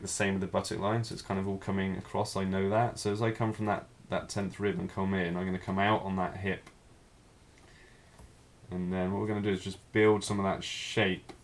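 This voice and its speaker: A man teaching a live figure drawing class, talking through each stroke as he draws, in a relaxed, thinking-aloud way. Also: low-pitched, a little hiss or hum.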